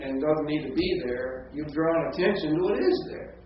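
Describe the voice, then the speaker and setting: Distant, echoey lecturing professor. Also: male voice, fairly high pitch, expressive, normal speed. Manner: explanatory, checks in with frequent "right?" and "okay?". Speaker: seminary professor. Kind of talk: classroom lecture. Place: lecture classroom. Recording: distant, echoey, muffled classroom recording with faint hiss.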